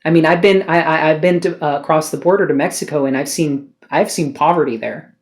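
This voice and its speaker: This is a brisk, mid-range voice belonging to a tarot card reader doing an emotional spiritual reading on camera. The tone is earnest and pleading, with casual swearing and a stream of rhetorical questions.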